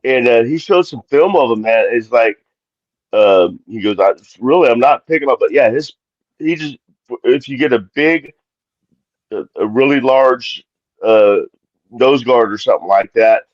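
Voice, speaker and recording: A man in casual podcast chat, joking and quick to chime in. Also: mid-range voice, no room sound. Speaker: podcast co-host. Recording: dull dry remote mic.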